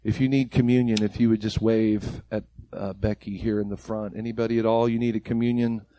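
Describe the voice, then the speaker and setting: A man's voice: lowish voice, level tone, brisk, mellow. A man preaching a sermon to his church congregation, emphatic and impassioned, firing off rhetorical questions. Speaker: pastor. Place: church service before a congregation.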